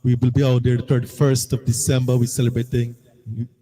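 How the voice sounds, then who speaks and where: Male guest, flat mellow voice, plain chat inviting people out. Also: medium pitch, fairly quick, poor audio. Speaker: musical guest. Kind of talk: casual chat promoting a show.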